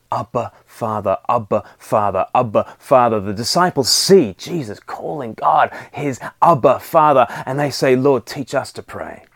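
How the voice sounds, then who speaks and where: A man giving an earnest devotional sermon, often dropping to a soft hush when he quotes a prayer. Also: medium pitch, no echo, clean studio sound. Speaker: preacher.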